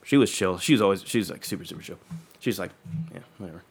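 A man's voice: low voice, expressive, racing, a little hiss or hum. A young man casually telling a story, swearing freely and acting out what people said in slangy talk. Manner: profane, slangy, acts out quoted dialogue.

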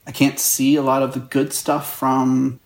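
Gravelly man in an echoey room. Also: mid-range voice, completely flat delivery. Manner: open, halting, reflective. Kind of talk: casual conversation.

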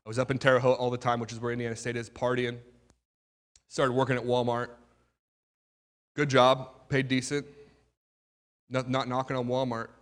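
A young man giving his testimony as a sermon to a crowd, telling his story with drama and dropping from loud to hushed. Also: mid-range voice. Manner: talks straight to the crowd with questions. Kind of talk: testimony sermon to a live audience.

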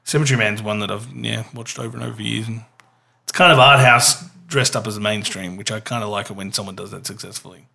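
A man's voice: fairly low pitch, fast, gravelly, sharp tone. A man hosting a casual group chat about films, rambling with fillers and laughing often. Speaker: podcast host.

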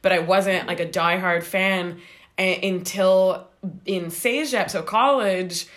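A woman's voice: fairly low pitch, slow, a bit bright. A woman from Quebec in her forties, a podcast guest, talking casually with enthusiasm and stammered repeats. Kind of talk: casual conversation.

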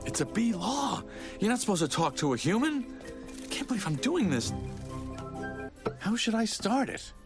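A man's voice: high-pitched, very animated, moderate pace, long pauses. An actor voicing a young male cartoon bee who talks nervously to himself, heard from a film clip with music behind. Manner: jittery self-talk.

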